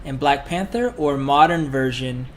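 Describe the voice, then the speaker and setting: A young man co-hosting a casual livestream in a relaxed, hedging way. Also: mid-range voice, unhurried, a little hiss or hum. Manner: laid-back, hedging, says yo and I mean. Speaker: livestream co-host.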